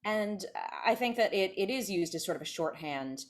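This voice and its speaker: A woman's voice: mid-range voice, expressive, normal speed. A woman from California in her thirties, a podcast guest chatting casually and often restarting her sentences. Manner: chatty, self-interrupting, many restarts. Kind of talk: casual conversation.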